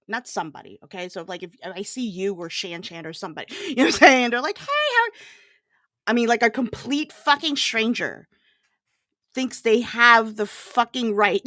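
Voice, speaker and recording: A woman's voice: mid-range voice, a bit bright, no room sound, studio quality. A woman talking bluntly and emphatically as a guest on a casual livestream chat, swearing freely and rambling with restarts.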